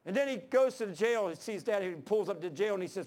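A man's voice: sits high, expressive, fast, few pauses, darkish tone. A man, preaching a sermon as pastor in an impassioned, folksy storytelling way.

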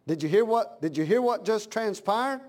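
A male preacher with a high voice delivers a sermon in a fervent, folksy way. His plain talk builds into loud, impassioned cries, then drops back to a conversational tone. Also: expressive, moderate pace.

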